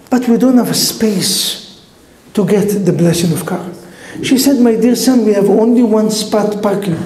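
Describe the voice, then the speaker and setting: Animated rabbi giving a parable sermon. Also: male voice, very high voice, reverberant, rough recording. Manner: animated storyteller acting out characters' lines.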